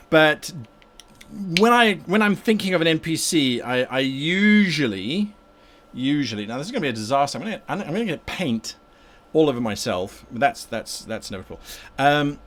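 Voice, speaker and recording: A man's voice: on the high side, fairly bright tone. A man hosting a live stream and answering viewer questions about game mastering, talking casually and rambling with restarts and repeated words while he paints. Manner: talks while painting miniatures.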